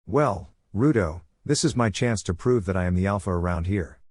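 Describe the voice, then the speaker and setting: A man's voice: low voice, lively intonation, normal speed, a little mellow, dry recording, clean studio sound. A man reading the lines of a cocky, boastful teenage ninja boy in a story. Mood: taunting. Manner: boastful, taunting.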